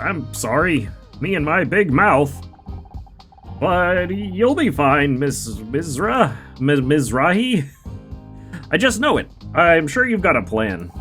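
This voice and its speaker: A man's voice: fairly high pitch, sing-song, slow pace, long pauses, pushed and bright, faint music behind, exaggerated voice. A streamer voicing Bill, a chatty, nosy male studio security guard, with a folksy, rambling way of talking. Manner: folksy, rambling, fussy apologies.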